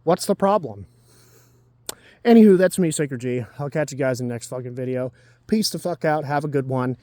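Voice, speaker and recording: A man's voice: mid-range voice, a little fast, dark tone, no room sound, studio quality. A man in his twenties giving dating advice in a blunt, profane, ranting casual monologue. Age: 20s.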